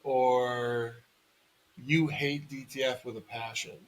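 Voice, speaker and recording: A man's voice: medium pitch, little pitch movement, slow, poor audio. A man co-hosting a podcast, chatting casually in a matter-of-fact way with dry jokes.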